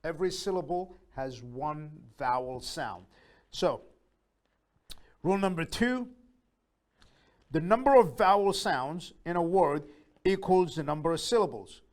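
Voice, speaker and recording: A man teaching a beginner English lesson, patiently explaining step by step and slowly repeating each word aloud so learners can copy it. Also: fairly high pitch, expressive. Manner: slow, repeats words aloud to model pronunciation.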